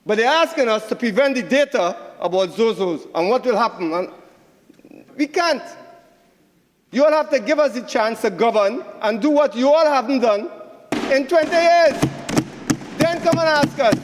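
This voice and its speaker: Combative high-voiced Trinidadian man. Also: animated, normal speed, big-room sound. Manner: combative, rhetorical, repeats phrases for emphasis. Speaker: senator. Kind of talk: parliamentary debate speech. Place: senate chamber.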